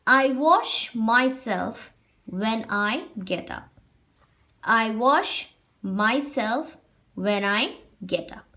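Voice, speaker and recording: A woman teaching a grammar lesson to children, repeating example sentences slowly and explaining them. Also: sits high, sharp tone.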